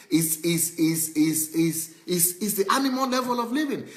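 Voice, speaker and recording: Male pastor, lively preaching, acts out stories, slightly high voice, roomy echo. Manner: animated preaching with acted-out anecdotes and repetition. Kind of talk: sermon.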